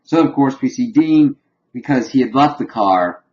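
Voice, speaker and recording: A man's voice: mid-range voice, lively intonation, moderate pace, a little mellow, muffled recording. A man giving a casual, rambling recap of a TV episode, leaning heavily on fillers as he retells the plot. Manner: rambling, filler-heavy storytelling. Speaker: TV episode reviewer.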